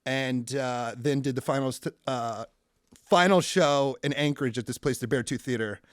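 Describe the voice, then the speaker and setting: A man's voice: medium pitch, normal speed, dry recording, studio quality. A male comedian chatting as a podcast guest, telling stories and acting out the people in them. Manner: animated storyteller, acts out quoted people. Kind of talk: casual podcast chat.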